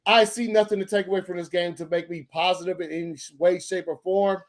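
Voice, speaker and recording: On a sports podcast, a male co-host with a high voice and steady tone talks fast, launching into a heated, profanity-laden casual rant full of stammered restarts.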